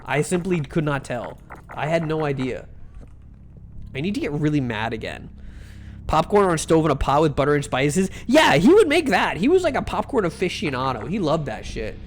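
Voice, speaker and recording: A man's voice: on the high side, sing-song, moderate pace, a little hiss or hum. Rambling young man streaming a game. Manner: rambling, self-interrupting, joking and profane. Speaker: VTuber streamer. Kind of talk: casual live-stream chat while gaming.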